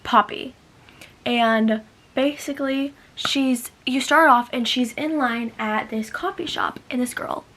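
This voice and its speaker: A young woman chatting excitedly as a book vlogger, bubbly and full of "like". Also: high-pitched, slow, slight background noise. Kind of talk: casual chat.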